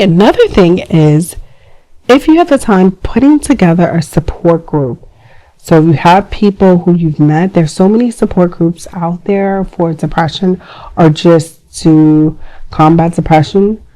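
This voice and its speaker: A young adult woman hosting a podcast, giving advice in a casual, chatty way with lively acted-out quotes. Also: lowish voice, rough recording. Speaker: podcast host.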